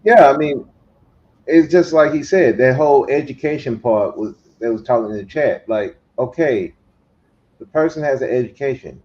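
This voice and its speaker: A man giving casual spoken commentary as a podcast panelist, talking in long animated runs that climb to emphatic points. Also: normal speed. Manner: animated, builds to emphatic higher pitch. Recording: dull lo-fi stream audio.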